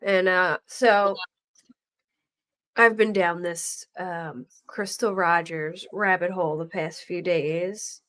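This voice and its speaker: A woman's voice: on the low side, takes it slowly. A middle-aged woman hosting a true crime talk show, chatting casually and acting out the people in her stories. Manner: animated storyteller, acts out quoted voices. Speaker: true crime podcast host. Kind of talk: casual chat.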